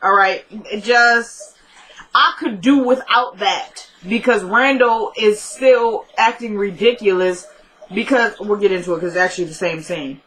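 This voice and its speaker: A woman giving a casual, opinionated recap of a TV episode. She talks in a chatty way, with quick asides and jokes. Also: medium pitch, fairly bright tone, slight background noise, rough recording. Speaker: TV episode reviewer.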